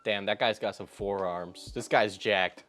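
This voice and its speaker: A man's voice: on the low side, fairly even intonation, a little slow, a bit bright, soft background music. A young man giving comedic reaction commentary in an exasperated, sarcastic, ranting manner. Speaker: YouTube commentator.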